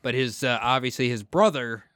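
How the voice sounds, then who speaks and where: A man's voice: mid-range voice, moderate pace, a bit bright, clear, resonant tone, dry recording, studio quality. A man co-hosting a casual true-crime podcast, reading the case from his notes and laughing often. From Minnesota. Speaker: podcast co-host.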